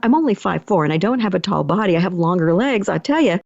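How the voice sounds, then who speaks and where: A woman's voice: on the low side, animated, quick pace, creaky, a little mellow, dry recording. Chatty middle-aged woman podcast host. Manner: chatty, acts out quoted thoughts and dialogue. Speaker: podcast host and energy healer. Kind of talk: casual personal storytelling. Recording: dry, slightly dull podcast mic.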